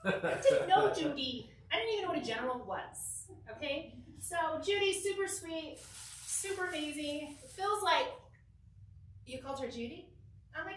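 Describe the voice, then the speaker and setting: A young woman from Southern California telling a lively, giggly personal story to a church youth group, acting out the quotes. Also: high-pitched, moderate pace, distant mic, a little hiss or hum. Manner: animated, giggly, acts out quotes. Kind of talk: casual storytelling talk. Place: church hall. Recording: echoey hall, mic from afar.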